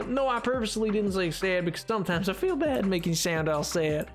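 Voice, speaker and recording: A man's voice: high-pitched, expressive, brisk, few pauses, faint music behind. A man streamer chatting casually while playing a game live, rambling with stammered restarts and dry sarcasm.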